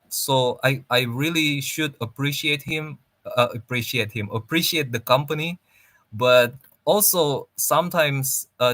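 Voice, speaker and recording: A man's voice: medium pitch, a bit bright, no echo. A man giving casual reaction commentary over a video, rambling and restarting his sentences. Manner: rambling, halting, many restarts.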